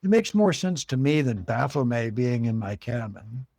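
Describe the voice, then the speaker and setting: A man's voice: mid-range voice, sing-song, normal speed, vocal fry, darkish tone, no echo. A man who owns a haunted cabin, telling a long story as an interview guest and acting out what others said. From United States. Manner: retells conversations, acting out quoted voices.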